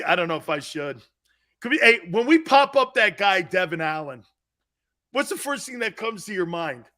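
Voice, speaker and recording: Loud, animated sports talk show host. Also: male voice, high voice. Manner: loud, laughing, impersonates family in quotes.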